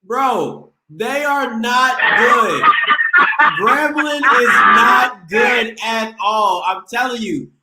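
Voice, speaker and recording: A man's voice: extremely high pitch, extremely slow, reverberant, very noisy. A man hosting a live call-in sports show, trash-talking playfully and boasting as he goes.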